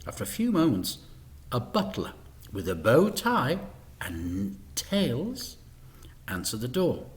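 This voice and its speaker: A male teacher reading a children's book aloud, expressive and sometimes dropping to a whisper. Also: medium pitch, slow pace. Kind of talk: storybook read-aloud.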